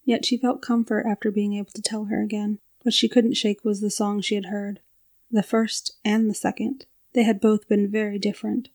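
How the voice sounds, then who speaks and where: Brief: woman storyteller, flat steady delivery, mellow darker tone, reads prose narration. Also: mid-range voice, moderate pace.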